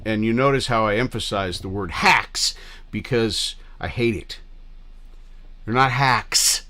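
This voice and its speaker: A middle-aged man hosts his own livestream in loose, wandering casual chat, trailing off and restarting his sentences. He swears freely. His voice sits at an ordinary, middling pitch for a man. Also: a bit bright. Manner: rambling and scattered, loose with profanity. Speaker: livestream host. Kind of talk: casual rambling chat with viewers.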